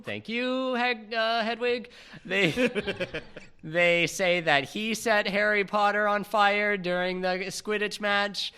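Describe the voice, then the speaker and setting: A man's voice: high voice, steady tone, slow, sharp tone, smooth. A man hosting a comedy movie podcast, recapping a film scene by scene, laughing often and slipping into silly voices. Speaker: podcast host.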